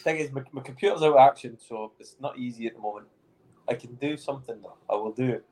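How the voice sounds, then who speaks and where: A man's voice: mid-range voice, quick pace, dark tone. A Scottish man hosting a podcast in casual chat, with teasing banter and frequent chuckles. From Scotland. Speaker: podcast host.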